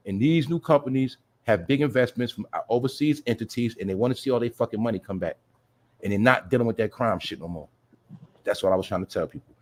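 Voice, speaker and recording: A man hosting a livestream show, talking casually in street slang, swearing and repeating his points to his listeners. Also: medium pitch. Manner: streetwise slang, addresses listeners as "y'all", "you feel me"; profanity-laced.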